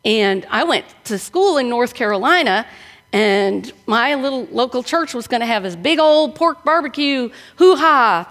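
A woman's voice: high-pitched, a bit bright. Woman preaching in a reverberant hall. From northern United States. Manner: conversational preaching with rhetorical questions. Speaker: pastor. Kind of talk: sermon. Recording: long reverb of a large room.

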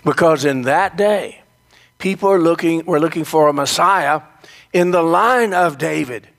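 A man's voice: a little high, a little slow, creaky, fairly bright tone, big-room sound. A man preaching a sermon who tells the story and speaks straight to his congregation. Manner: storytelling, addresses the congregation directly.

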